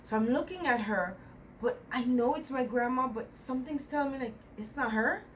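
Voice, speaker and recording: A woman's voice: high-pitched, normal speed, a little hiss or hum, rough recording. Woman rambling through a dream story. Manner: rambling, animated retelling with quoted dialogue. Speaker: dream vlogger. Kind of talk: casual storytelling about a dream.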